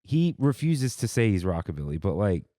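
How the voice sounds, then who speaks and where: Man, podcast co-host, low voice, lively pitch, rambling casual chat, dry studio mic. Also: moderate pace, no echo. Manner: relaxed, rambling, lots of fillers.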